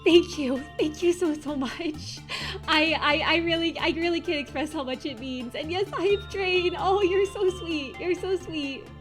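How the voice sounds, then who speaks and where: A woman VTuber streamer chatting casually on a live stream, gushing and excitedly thanking her chat. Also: extremely high pitch, measured pace, faint music behind.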